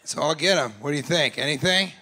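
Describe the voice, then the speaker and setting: A man's voice: on the high side, quick pace, pushed and bright. A man doing crowd work in stand-up comedy at a club, brash and profane, teasing people in the audience and slipping into mocking voices of them. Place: comedy club stage before a live audience.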